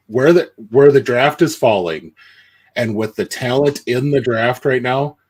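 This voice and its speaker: A man on a casual sports podcast, relaxed and rambling as he analyzes players. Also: mid-range voice, husky. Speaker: podcast co-host. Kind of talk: casual chat.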